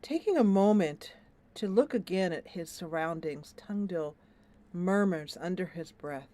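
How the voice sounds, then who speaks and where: A woman's voice: fairly low pitch, expressive, a little slow, mellow. A woman streamer narrating a story-driven fantasy video game aloud, thoughtful and musing.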